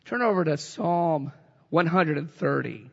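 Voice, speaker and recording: A high-pitched man delivers an earnest, conversational sermon, often circling back and restarting his phrases. His voice carries a long reverb through the hall. The recording sounds slightly muffled. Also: animated, unhurried, vocal fry, fairly bright tone, slightly rough. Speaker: pastor.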